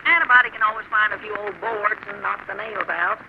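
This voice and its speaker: A woman's voice: mid-range voice, steady tone, brisk, creaky, phone-quality sound. An actress playing a brash, bossy country woman who teases in a drawling rural dialect, in 1940s radio acting. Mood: teasing. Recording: hissy old radio broadcast.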